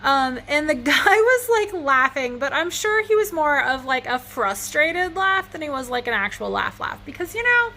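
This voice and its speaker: High, bright-voiced chatty woman. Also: very animated, moderate pace, few pauses. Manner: chatty, rambling, laughs at herself. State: a little wheezy. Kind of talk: casual storytelling vlog. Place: indoors at home with a fan running. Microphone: phone. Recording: faint fan hum behind.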